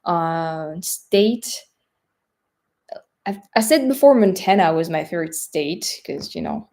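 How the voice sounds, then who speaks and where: A woman's voice: lowish voice, sing-song, slow, vocal fry. A young woman with a French accent, chatting casually on a live stream, with a hesitant manner and lots of fillers. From France. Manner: hesitant, many fillers, soft trailing asides. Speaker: travel vlogger. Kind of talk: live stream chat reading viewer questions.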